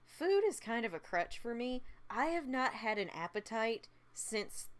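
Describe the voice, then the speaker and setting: A woman's voice: a little high, very animated, measured pace, a little hiss or hum. A tired woman vlogging a casual film review, gushing, laughing often and repeating herself.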